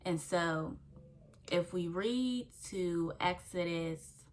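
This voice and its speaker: Youngish woman preaching to her viewers, lowish voice, keeps repeating lines and saying okay. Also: drawn-out words, a little hiss or hum. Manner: earnest, repeats key phrases, frequent "okay?" check-ins. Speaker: faith coach and channel host. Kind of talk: devotional teaching to camera.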